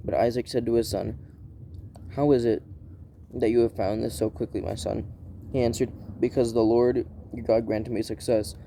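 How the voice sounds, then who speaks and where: A man reads scripture aloud in an unhurried, plain manner, stopping to restart and correct lines as he goes. His voice is deep-toned and dark, with a gravelly edge. A faint hiss sits under the recording. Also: little pitch movement. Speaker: Bible reader.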